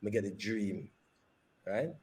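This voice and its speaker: A man, a company CEO, telling a personal story in an interview with animated, repeated phrases. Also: lowish voice, takes it slowly, slight background noise. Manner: animated retelling that repeats phrases and slips into patois.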